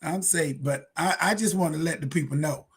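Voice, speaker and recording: Male ministry host, slightly high husky voice, impassioned and repetitive. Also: fairly quick, a bit bright. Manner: fiery, preacherly, laughs often, repeats lines for emphasis. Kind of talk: impassioned livestream commentary.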